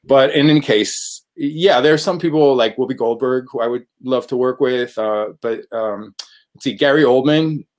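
A man in a casual interview, talking about his work as an actor. He rambles and restarts often and fills pauses with "um" and "uh". His voice sits in an ordinary middle range. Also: mid-range voice, a little mellow. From United States. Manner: chatty, rambling, frequent fillers. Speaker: actor guest.

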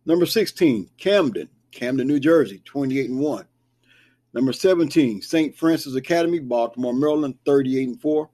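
A man's voice: mid-range voice, animated, normal speed, mellow. A man hosting a casual sports talk show, reading down a rankings list with chatty asides. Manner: conversational, reads list with asides. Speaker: show host. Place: Kansas, near Wichita.

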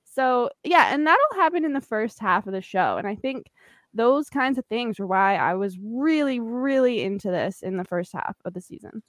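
A woman's voice: on the high side, animated, normal speed, no echo, clean studio sound. A woman co-hosting a podcast, chatting casually with a giggly manner and lots of fillers. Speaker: podcast co-host. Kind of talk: casual chat.

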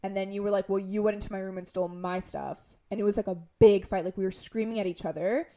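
A woman's voice: medium pitch, steady tone, quick pace, mellow. A woman in her twenties co-hosting a podcast, telling stories in casual chat and full of "like". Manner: chatty storytelling, heavy use of "like"; acts out quotes in raised voices. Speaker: podcast co-host.

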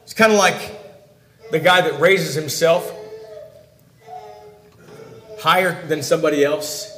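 A male preacher delivers a sermon in a high, bright register. He presses his points with emphatic bursts and then drops to quiet asides. His voice rings in a roomy, echoing space. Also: moderate pace, slight background noise. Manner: emphatic, rising and falling between loud and quiet.

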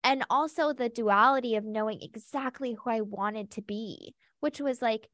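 A woman's voice: a little high, moderate pace, a bit bright, dry recording, clean studio sound. A woman guest on a podcast, candidly and heartfelt telling her own story with lots of casual fillers.

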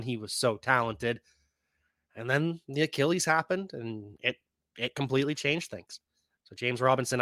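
A man's voice: mid-range voice, pushed and bright, no room sound, studio quality. A man hosting a fantasy football podcast, talking casually and animatedly about player injuries, sometimes laughing at his own points. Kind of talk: casual sports talk.

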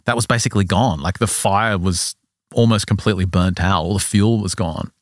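A man hosting a podcast, telling a story in a casual, animated way and acting out the characters' lines. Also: deep voice, fairly quick, no room sound, studio quality.

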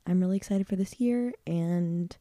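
A woman's voice: fairly low pitch, normal speed, mellow, no echo. A woman hosting a solo podcast, talking in a rambling, heartfelt way full of "like" and restarts. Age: 20s. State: near tears at times. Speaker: podcast host.

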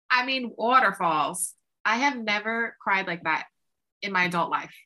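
A woman's voice: mid-range voice, unhurried. A woman guest on an interview, chatting casually and acting out remembered conversations with many "like"s. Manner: animated, acts out quoted exchanges with lots of "like". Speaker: songwriter and producer guest.

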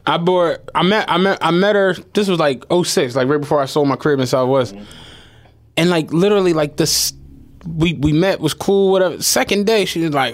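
A man's voice: on the high side, moderate pace. Easygoing male podcast co-host. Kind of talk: casual podcast chat. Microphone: studio mic.

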